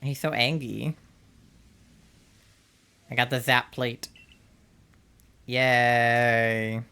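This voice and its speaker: A streamer giving live gameplay commentary, exasperated and swearing often, with sudden yelps and shouts. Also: medium pitch, slow pace, vocal fry. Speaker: streamer playing a video game.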